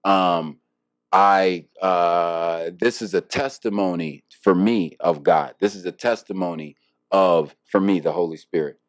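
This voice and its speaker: A man's voice: sits low, measured pace, no room sound, clean studio sound. A man, a harpist guest in an interview, talking casually and reflectively with many fillers and restarts.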